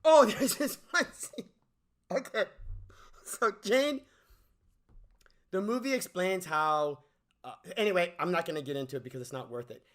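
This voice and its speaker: A man's voice: high voice, moderate pace, pauses often, a bit bright. A man giving an unscripted movie review rant, exasperated and profane, often stammering and restarting his sentences, with mocking sarcastic asides.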